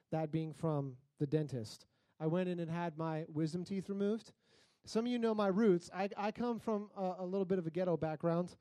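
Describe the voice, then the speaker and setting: Male pastor with a high voice, dry close sound, chatty sermon storyteller given to sudden loud comic bursts. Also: no echo.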